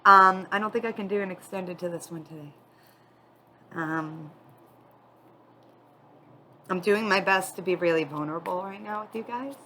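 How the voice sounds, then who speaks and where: A woman giving a spiritual tarot reading, tearful and crying as she talks in a candid, halting, confiding way. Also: medium pitch, bright, forceful tone, a little hiss or hum, poor audio. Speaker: tarot reader.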